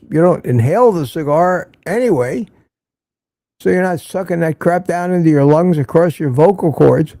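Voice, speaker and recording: Gravelly older man, opinionated host. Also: fairly high pitch, dark tone, no room sound. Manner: opinionated, emphatic repetition. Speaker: livestream host. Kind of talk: casual chat reading viewer comments.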